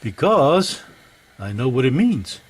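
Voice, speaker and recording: An older man with a medium-pitched, slightly breathy voice chats folksily to his viewers while working on an engine in his home workshop. Very animated but slow, this home mechanic vlogger rambles from one thought to the next.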